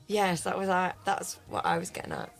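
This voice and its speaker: A woman's voice: lowish voice, sing-song, a little fast, creaky, soft background music. A woman co-hosting a community radio drive-time show, reading listener messages in a chatty, giggly, self-deprecating way. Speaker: radio co-host.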